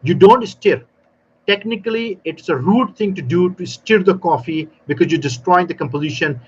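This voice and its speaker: A man talking as a guest expert in a live panel, telling lively stories and explaining in non-native grammar, often acting out little exchanges. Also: high voice, moderate pace, husky, muffled recording. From South Africa. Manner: animated storyteller, non-native grammar, acts out dialogue. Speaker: barista trainer guest.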